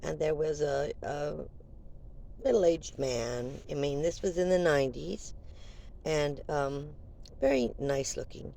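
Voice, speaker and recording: A woman's voice: low-pitched, slow pace, vocal fry, warm tone. An older woman vlogger telling a rambling, chatty story full of fillers. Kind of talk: casual storytelling.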